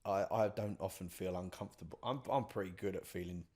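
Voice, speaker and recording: Chatty low-voiced man. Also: fast. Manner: animated, chatty storyteller. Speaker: podcast co-host, session singer. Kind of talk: casual chat.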